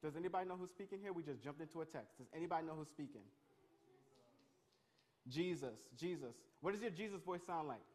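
A man leading an interactive Bible lesson, energetic and calling on his listeners. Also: fairly high pitch. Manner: energetic, calls on the crowd, quick restarts. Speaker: youth pastor.

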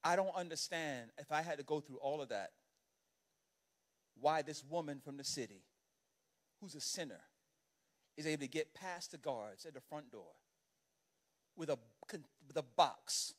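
A man preaching a sermon as an animated, conversational storyteller who keeps checking in with the congregation by asking "right?". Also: on the high side, moderate pace, long pauses. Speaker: pastor.

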